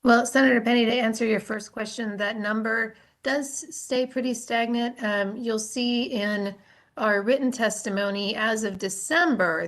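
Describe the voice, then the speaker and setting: A woman who works as a state agency official, giving formal testimony to a legislative committee in a measured, explanatory way with frequent filler sounds. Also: medium pitch.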